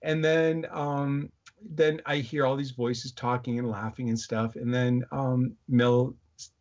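A middle-aged man, a guest on an interview show, recounting a dream experience in a halting way with many fillers and restarts. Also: medium pitch, flat delivery, darkish tone. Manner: halting, many fillers and restarts, quotes voices while telling a story. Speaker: guest, electronics inventor. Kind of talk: casual interview storytelling. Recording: slightly muffled lo-fi audio.

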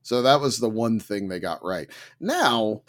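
A man co-hosting a casual gaming podcast, talking with big excited swings in his voice. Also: a little slow. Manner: animated, swings pitch sharply when excited. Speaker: podcast co-host. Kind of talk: casual chat.

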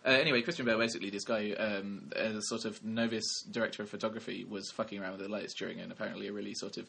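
Husky low guy rambling on about movies, dry and joking. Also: level tone, rapid-fire, bright, forceful tone. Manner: wry, rambling, self-correcting. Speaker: podcast co-host, film critic. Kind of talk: casual chat.

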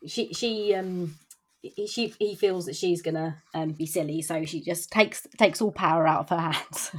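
A woman's voice: fairly low pitch, moderate pace. A woman co-hosting a book podcast, talking casually with frequent laughs and some hesitation. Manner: laughing, hesitant with fillers and restarts. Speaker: podcast co-host.

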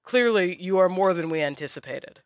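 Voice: medium pitch, lively intonation, dry recording, natural voice. A game master voicing a stern, commanding half-orc woman leader who speaks formally. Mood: measured. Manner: measured, formal speech.

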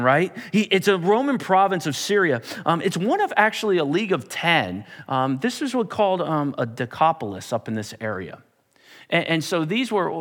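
Animated preacher man in a reverberant hall. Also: on the high side. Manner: animated storytelling, repeats words when building up. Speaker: pastor. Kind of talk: sermon.

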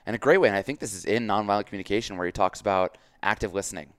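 A man's voice: on the low side, racing, smooth, no echo, studio quality. A man hosting a casual podcast as a fitness coach, talking emphatically with lots of "like" and quoted dialogue.

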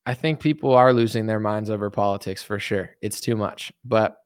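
A man's voice: lowish voice, fairly even intonation, normal speed, clear, resonant tone, no echo, studio quality. A man hosting a casual livestream, reading out chat and making sarcastic, joking asides.

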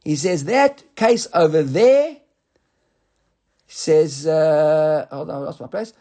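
Reading the text aloud before explaining it, this Talmud teacher takes things slowly, often stumbling and repeating himself as he thinks. His voice is fairly high, husky, and mellow.

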